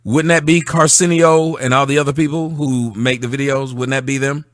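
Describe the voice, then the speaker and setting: A man's voice: medium pitch, fairly even intonation, normal speed, fairly bright tone, no room sound, studio quality. Sarcastic man ranting at his chat. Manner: sarcastic, mocking; reads out and answers viewer comments. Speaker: livestream host. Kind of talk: casual livestream rant to chat.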